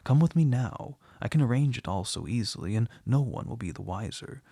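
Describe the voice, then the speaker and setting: A man with a husky, gravelly voice voicing a passionate former lover who forcefully pleads with a woman to come away with him. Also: mid-range voice, expressive, a little fast, no room sound, studio quality. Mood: pleading. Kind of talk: storybook reading.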